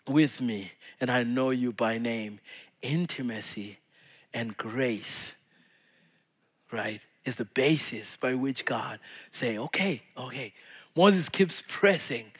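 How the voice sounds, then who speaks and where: A man's voice: high voice, measured pace. Man preaching a casual sermon. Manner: casual preaching, swings from loud to hushed. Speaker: pastor.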